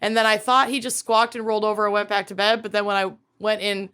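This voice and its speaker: A woman's voice: mid-range voice, flat delivery, sharp tone, clear, resonant tone. Joking woman podcast co-host. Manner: joking, quick laughs, mock-dramatic. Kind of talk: casual chat.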